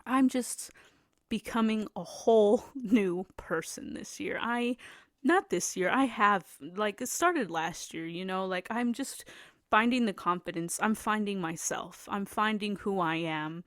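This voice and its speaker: A young woman hosts her own podcast, talking on her own in a loose, rambling way with frequent laughs. Her voice sits at a middle pitch, recorded close and dry with no room sound. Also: a little slow, no echo. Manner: rambling, upbeat, laughs often, many restarts. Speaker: podcast host. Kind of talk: casual solo chat.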